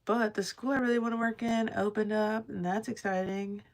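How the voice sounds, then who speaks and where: A woman chats to her livestream viewers from home while she crafts. Her voice carries a gravelly fry at a middling pitch. She rambles and swears freely, keeping the talk loose and informal. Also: fairly even intonation, normal speed. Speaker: live streamer. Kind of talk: casual livestream chat to viewers.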